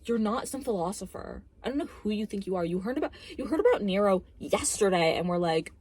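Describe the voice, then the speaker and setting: A woman's voice: mid-range voice, expressive, fairly quick, few pauses, darkish tone, slightly rough, dry recording. A young woman in a casual movie review rant, exasperated and full of "like"s, swearing as she vents to the camera. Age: young adult. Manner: exasperated, filler-heavy with many "like"s, swears. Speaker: film reviewer.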